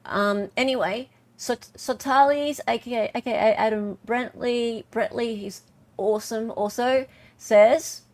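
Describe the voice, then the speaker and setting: A woman's voice: a little high, measured pace. An Australian woman hosts a live online chat show. She talks casually and with lots of energy, reading posts and greeting viewers by name. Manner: chatty, animated, reads chat aloud with laughs. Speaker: livestream host.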